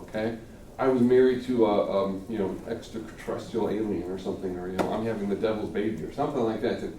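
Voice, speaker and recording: A middle-aged man teaches a speech-giving class in a chatty, casual way, fast and mellow with a fairly low voice. He keeps asking "okay?" and acts out the audience's reactions. The classroom audio is roomy, from a distant mic with faint room noise.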